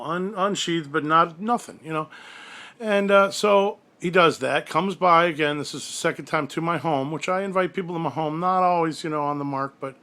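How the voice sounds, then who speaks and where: Profane ranting man, slightly high voice. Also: pushed and bright. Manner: profane, rambling, aggrieved. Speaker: radio collector ranting to forum. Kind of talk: angry monologue.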